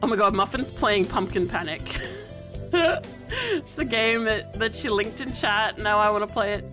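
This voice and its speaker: A woman's voice: mid-range voice, moderate pace, over music. A woman streaming a game, chatting casually in a playful, laughing and profane way. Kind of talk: casual chat.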